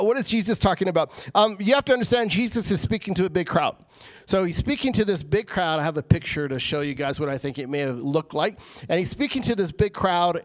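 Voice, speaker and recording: A male pastor giving a sermon in a conversational way, with quick asides and acted-out quotes. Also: high-pitched, dry recording.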